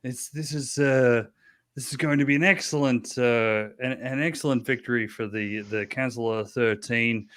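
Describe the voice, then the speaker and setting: A man's voice: mid-range voice, normal speed, a bit bright, no echo, studio quality, natural voice. A man voicing a relieved, pompous male council leader in a tabletop game, gushing and stumbling.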